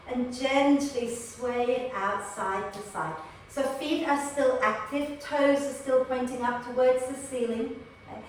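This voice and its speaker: A woman teaching an online prenatal yoga class, guiding gently and tagging her cues with "okay?". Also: high-pitched, heavy reverb, distant mic, slight background noise, poor audio. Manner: gentle, tags nearly every instruction with "okay?". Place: room recorded for an online class.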